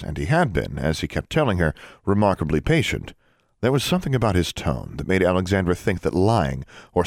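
A man reading a fantasy audiobook with expressive, varied narration. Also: low-pitched, dry recording. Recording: dry close studio sound.

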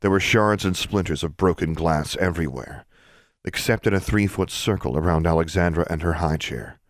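A man reading a story aloud as a narrator, in even, measured storytelling. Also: sits low, no room sound, studio quality. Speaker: audiobook narrator. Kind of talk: scripted narration.

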